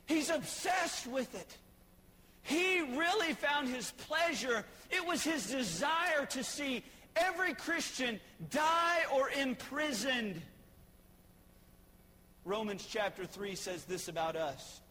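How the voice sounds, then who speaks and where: Brief: high-pitched male preacher, animated sermon, big echoing sanctuary. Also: slow. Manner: animated, swinging from shouting to quiet asides. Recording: long hall reverb, faint noise.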